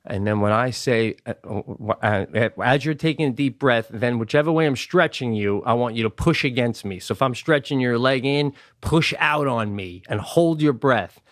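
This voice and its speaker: A man's voice: mid-range voice, normal speed, few pauses, no room sound, clean studio sound. A man co-hosting a podcast, telling a story in casual comedic style, swearing freely and acting out the people he quotes. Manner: animated, swears freely, acts out quoted voices. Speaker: podcast co-host.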